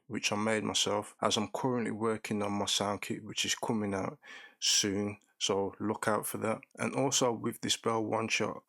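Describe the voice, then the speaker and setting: Low, gravelly man explaining calmly. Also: dry recording. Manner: calm, methodical, explains each step plainly. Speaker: beat-making tutorial host. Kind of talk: step-by-step production walkthrough.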